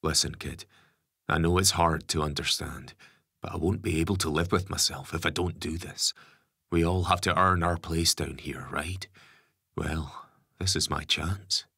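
A gruff, stubborn father speaks calmly and plainly, voiced by a male narrator. His voice sits very deep with a husky edge. The reading is close and dry. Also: unhurried, dry recording, full character voice. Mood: resigned. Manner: calm, plain-spoken.

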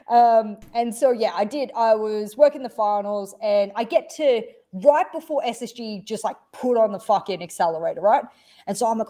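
A woman guest on a podcast, telling a story in casual chat, animated and swearing, acting out what people said. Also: a little high, a little fast. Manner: animated, swearing, acts out quotes. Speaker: guest, esports desk analyst.

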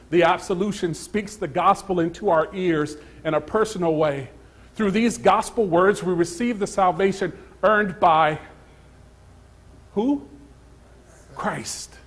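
A pastor, a man with a somewhat high, husky voice, preaches in a church. He takes his time, letting phrases trail into near whispers before rising to loud, emphatic calls. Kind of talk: sermon. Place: church sanctuary.

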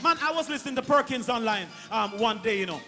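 A man with a Jamaican accent performing stand-up on a concert stage, telling animated, repetitive comic stories with patois asides. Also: very high voice, quick pace, music in the background. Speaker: stand-up comedian. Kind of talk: stand-up storytelling.

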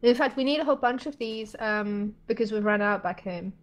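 A young woman co-hosting a casual game session, playful and gently teasing. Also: mid-range voice, brisk. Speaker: co-host of the gaming show. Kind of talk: casual co-op gameplay chat.

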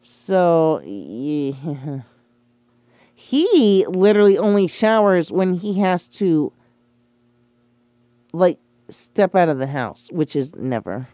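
Slow-talking, defensive young woman ranting. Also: fairly low pitch, very animated, warm tone, dry recording. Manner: profane, defensive, sarcastic with scoffing laughs. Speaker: streamer responding to accusations. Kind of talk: casual ranting monologue.

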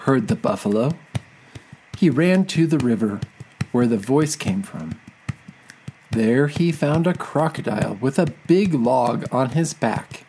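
Children's storybook narrator, unhurried and very animated. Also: medium pitch, slight background noise, rough recording. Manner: slow, expressive read-aloud.

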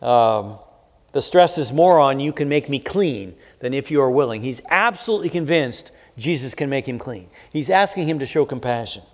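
A man pastor preaching a sermon in a measured way, pausing with fillers and reading scripture aloud. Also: mid-range voice, expressive, in a large hall.

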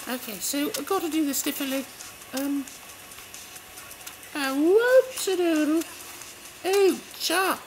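A woman's voice: high-pitched, slow, long pauses. Chatty woman musing over gameplay, noisy. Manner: musing, chatty self-talk to herself. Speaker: gameplay video host. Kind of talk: let's play commentary. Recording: noisy home recording.

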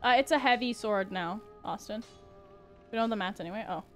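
A woman's voice: medium pitch, brisk, soft background music. Playful woman streamer with voice modifier. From Canada. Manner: playful, giggly, teasing. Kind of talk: casual gameplay commentary.

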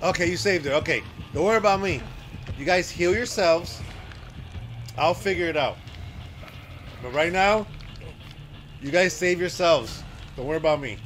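A man streaming a horror game, reacting with loud exclamations and frequent laughter. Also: a little high, lively intonation, a little slow, long pauses, slight background noise, low-quality recording. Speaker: livestreamer. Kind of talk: excited gameplay commentary.

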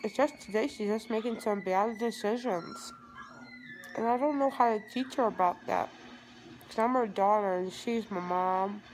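A woman's voice: mid-range voice, normal speed, faint music behind, rough recording. A teenage girl rambling groggily into her phone at home after surgery. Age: teens. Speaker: vlogger. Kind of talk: rambling selfie vlog. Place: home, indoors. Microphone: phone at arm's length.

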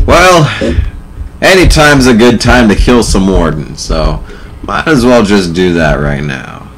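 A young man giving casual, profane gameplay commentary, sarcastic and prone to loud outbursts. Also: fairly low pitch, very animated, a little slow, rough recording. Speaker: let's play commentator.

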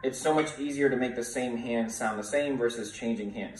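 A man's voice: mid-range voice, fairly even intonation, fairly quick, hardly any pauses, distant mic. A male music teacher giving a snare drum lesson, counting rhythms aloud and encouraging students to play along. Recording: roomy echo, voice from off the mic.

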